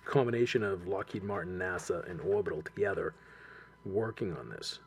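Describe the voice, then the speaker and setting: A man's voice: sits low, normal speed, creaky. A middle-aged man co-hosting a casual chat, rambling with many fillers and restarts.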